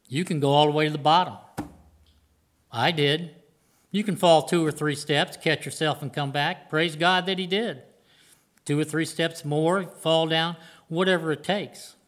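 A man's voice: fairly high pitch, fairly bright tone. An older man preaching a sermon to a congregation in an earnest, plain-spoken way. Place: church before a congregation.

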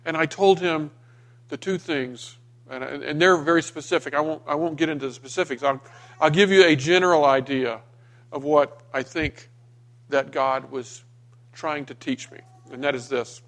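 A man's voice: steady tone, moderate pace, a bit bright. A middle-aged man preaching a sermon, telling a personal story with rising emotion and raised, pleading tones in the retold scenes. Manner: storytelling, emotional, rising in pitch when voicing himself in the dream. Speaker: pastor.

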